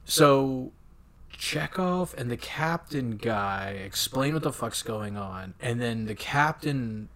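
A man casually retelling a film with lots of swearing and animated asides. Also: medium pitch. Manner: profane, animated retelling with quick voiced asides. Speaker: podcast co-host recapping a film. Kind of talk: casual chat.

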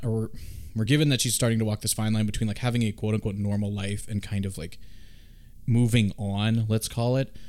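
A man hosts a casual chat about a movie, his voice sitting a little low. He talks in an animated, rambling way and swears freely as he goes. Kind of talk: casual film discussion.

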